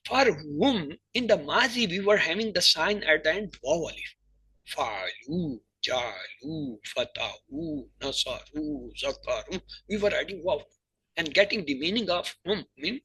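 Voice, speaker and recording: Husky-voiced male grammar teacher. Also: high voice, bright, forceful tone, low-quality recording. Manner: explains slowly, repeats verb forms in lists. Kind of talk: online class lecture.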